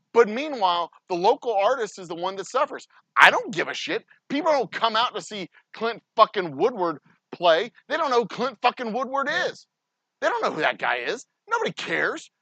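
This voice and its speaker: A man's voice: high voice, a bit bright, dry recording. A man, a distillery owner talking casually in a vlog, swearing heavily as he rants and rambles into stories. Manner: profane, ranting, heated. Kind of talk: casual behind-the-scenes vlog talk.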